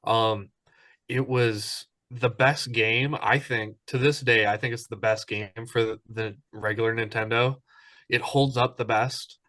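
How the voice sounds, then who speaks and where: Male podcast co-host, 30s, rambling and enthusiastic, mid pitch, dry close sound. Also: steady tone, measured pace, sharp tone, dry recording. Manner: enthusiastic, rambling with many ums. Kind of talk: casual podcast chat.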